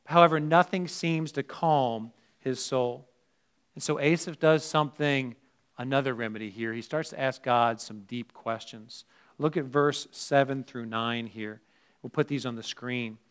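A man's voice: a little high, fairly bright tone, clear, resonant tone. A male pastor preaching a sermon in a conversational way, asking the congregation rhetorical questions and reading scripture aloud with emphasis.

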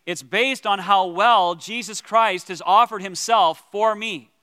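A man teaching as a pastor about prayer, earnest and gentle, with pauses and restarts. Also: high voice, smooth, no echo, big-room sound.

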